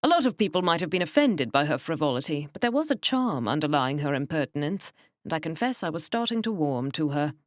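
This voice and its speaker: A woman narrating an audiobook in a measured, wry first-person manner. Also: deep voice, big pitch swings, dry recording, studio quality.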